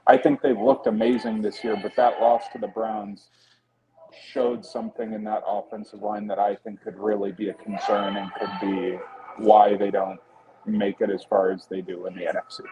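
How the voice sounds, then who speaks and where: A man co-hosting a casual sports podcast from a pub, giving steady, analytical breakdowns. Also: lowish voice, moderate pace, noisy background. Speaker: podcast co-host.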